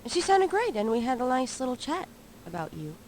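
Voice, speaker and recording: An actress playing a sharp-tongued young woman shop assistant in a 1990s adventure game, sassy and dry. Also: high-pitched, big pitch swings, a little fast, a little hiss or hum, rough recording.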